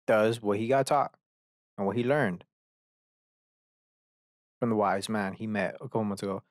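A man's voice: lowish voice, normal speed, dry recording, clean studio sound. Profane rambling young man. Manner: profane, rambling storyteller who acts out characters. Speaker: podcast host. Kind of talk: casual rant.

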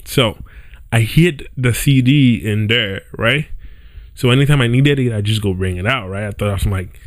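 A man's voice: fairly low pitch, normal speed, no echo. A young man hosting a podcast, telling a story in a loose, chatty way, often checking in with "right?" and "yo". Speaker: podcast host. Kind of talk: casual storytelling monologue. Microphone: home setup with squeaky chair.

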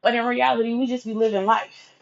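A woman's voice: fairly high pitch, fast, gravelly, background noise. Chatty woman telling a story, lo-fi. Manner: animated, profane, chatty asides to listeners. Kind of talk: casual personal storytelling. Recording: dull lo-fi recording.

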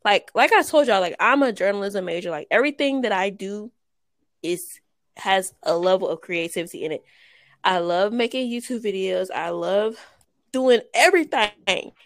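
Woman in her twenties, podcast co-host, chatty and quick to laugh, dry close sound. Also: medium pitch, lively intonation, no room sound. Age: 20s. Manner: chatty, laughs often, says y'all. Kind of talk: casual chat.

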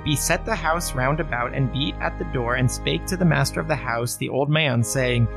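A man's voice: medium pitch, normal speed, gravelly, hardly any pauses, over music. A man co-hosting a podcast, reading scripture aloud and riffing on it in a wry, casual way. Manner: wry, reads archaic text then riffs on it.

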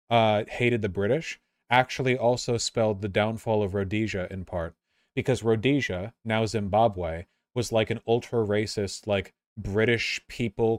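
A man with a fairly low voice reads a history text aloud, then drifts into offhand, sarcastic commentary. He stumbles and repeats words as he goes. The sound is dry, with no room echo.

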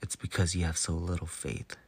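A man voicing Jesus as a stern, commanding teacher in a storybook reading, in a measured way. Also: deep voice, completely flat delivery, creaky, darkish tone, breathy edge, heavily acted. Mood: patient.

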